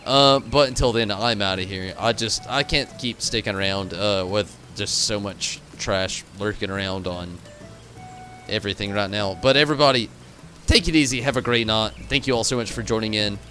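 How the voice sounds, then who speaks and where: Man, low-pitched, sharp bright voice, tired, frustrated, swearing, faint music behind. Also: normal speed. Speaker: streamer. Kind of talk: casual stream sign-off to chat.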